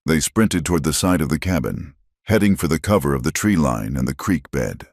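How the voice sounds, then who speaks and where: A man's voice: a bass voice, expressive, a little fast, vocal fry, darkish tone, no room sound, studio quality. A man giving dramatic scripted narration of a story.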